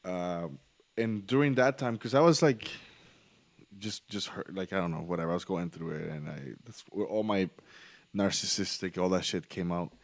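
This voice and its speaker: A man's voice: sits low, normal speed, no room sound. A man hosting a podcast in casual chat, talking bluntly and swearing freely. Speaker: podcast host.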